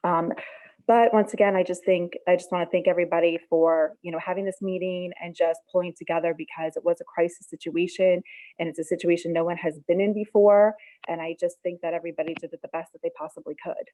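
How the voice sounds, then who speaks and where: A woman's voice: lowish voice, fairly even intonation, fast, warm tone, poor audio. A woman speaking as a parent at a school board meeting, earnest, with fillers and restarts. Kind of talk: public comment on a call.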